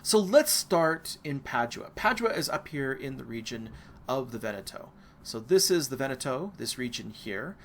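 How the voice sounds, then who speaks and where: American man, lecturer, bright tone, digressive, slight background noise. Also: medium pitch, big pitch swings, normal speed. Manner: casual, digressive, with asides and fillers. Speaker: art history lecturer. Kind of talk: recorded university lecture.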